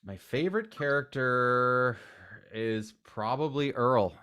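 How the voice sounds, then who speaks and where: A man who is a guest in a casual interview, talking enthusiastically and rambling, with sudden loud acted outbursts. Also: mid-range voice, takes it slowly, clean tone.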